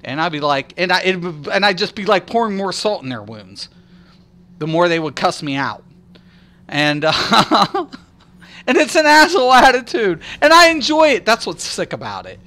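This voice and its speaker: A man's voice: high-pitched, very animated, normal speed, bright, forceful tone. A man chatting casually on a game stream, rambling and swearing, laughing often and imitating other people's voices as he tells stories. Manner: mimics people's voices in anecdotes.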